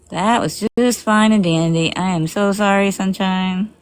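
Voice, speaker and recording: A woman's voice: mid-range voice, steady tone, unhurried, clear, resonant tone. A woman hosting a livestream, chatting casually and rambling with restarts. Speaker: livestream host.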